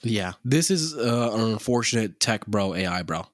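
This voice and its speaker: Lively, rambling male podcast host. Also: fairly low pitch, normal speed, dry recording, clean studio sound. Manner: rambling, profane, animated storytelling with many fillers. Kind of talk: casual podcast chat.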